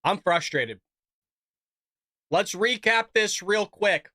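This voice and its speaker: A man's voice: sits high, expressive, takes it slowly, dry recording, clean studio sound. Fired-up ranting male commentator. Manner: heated, profane, frustrated, shouting at times. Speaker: political commentary host. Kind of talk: ranting live reaction commentary.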